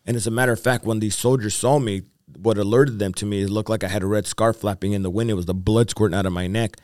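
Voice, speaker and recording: Man, evangelist guest, lowish voice, earnest storytelling, dry close sound. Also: steady tone, quick pace, a little mellow, no room sound. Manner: earnest storyteller, repeats himself, fillers. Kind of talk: testimony in a podcast interview.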